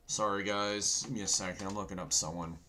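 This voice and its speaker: A man hosting an end-times prophecy channel, talking loudly and excitedly while browsing news, with a sore throat and a habit of saying "folks". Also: lowish voice, brisk, slight background noise. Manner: loud and excited, often yelling, says "folks" constantly.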